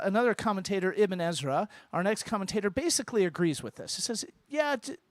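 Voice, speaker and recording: A man teaching a congregation in a synagogue, lively and informal, with joking asides and questions to the room. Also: high voice, no room sound, clean studio sound. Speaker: rabbi teaching at a Shabbat service. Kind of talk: interactive sermon with congregation. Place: synagogue sanctuary.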